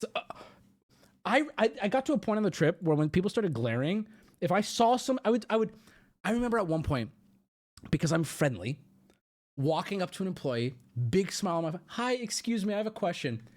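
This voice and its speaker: High-voiced, animated male streamer. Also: fairly quick, pauses often. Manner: animated, ranting and swearing; mimics people in exaggerated voices. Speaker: streamer hosting a live stream. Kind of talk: casual stream chat.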